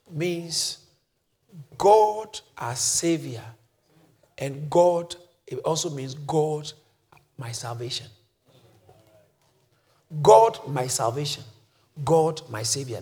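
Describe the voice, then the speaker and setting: A male pastor preaching with a high, highly animated voice that leaps from soft, low explanation to loud shouted calls. He teaches scripture in a sermon style, drawing shouted replies from the congregation. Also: slow, long pauses. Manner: congregation shouts back responses.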